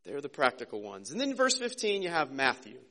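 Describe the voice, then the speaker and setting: A man preaching a casual, conversational sermon as a pastor, joking and slipping into quick character voices. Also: medium pitch, huge pitch swings, sharp tone.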